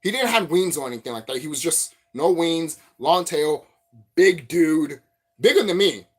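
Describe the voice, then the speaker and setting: A man vlogging as a spiritual commentator, telling stories in a rambling, profane, animated way. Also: fairly high pitch, normal speed, breathy edge. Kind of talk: rambling casual monologue.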